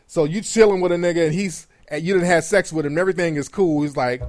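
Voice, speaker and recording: A man's voice: a little high, quick pace, few pauses, a little mellow, faint music behind. A man hosting a radio show, giving blunt, profane advice in a conversational monologue.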